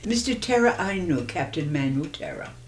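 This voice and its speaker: A woman in her eighties reminiscing in an oral history interview, telling her stories in a lively way and acting out the dialogue. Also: low voice, normal speed, a little hiss or hum. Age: 80s. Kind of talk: reminiscing storytelling.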